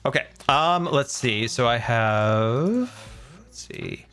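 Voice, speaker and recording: A male streamer in relaxed chat with a very animated, up-and-down delivery. He teases playfully, repeats his phrases and counts things out loud. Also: mid-range voice, takes it slowly. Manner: playful and teasing, counts aloud, repeats himself. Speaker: streamer host.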